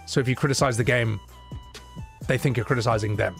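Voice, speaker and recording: A man's voice: medium pitch, moderate pace, gravelly, pauses often, soft background music. A man streaming live, reading out chat messages and answering in a rambling, casual way with lots of fillers and chuckles.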